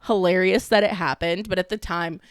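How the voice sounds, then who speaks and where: A woman's voice: lowish voice, fairly even intonation, brisk, clean tone, dry recording, clean studio sound. A woman in her twenties co-hosting a podcast, telling stories in a rambling, casual way with lots of "like" and frequent laughter. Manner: rambling, heavy use of "like", laughs often. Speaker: podcast co-host. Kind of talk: casual chat.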